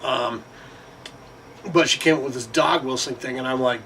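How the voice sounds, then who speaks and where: A man's voice: mid-range voice, moderate pace, sharp tone. A man delivering a rambling, profane monologue full of fillers. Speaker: vlogger. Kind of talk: casual monologue. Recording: distant mic with faint background noise.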